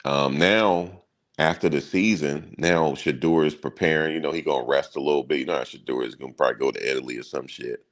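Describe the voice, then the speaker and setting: Very deep-voiced man talking sports. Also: a little fast. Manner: loose slangy banter, chuckling at stories. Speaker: sports channel host. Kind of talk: casual sports talk.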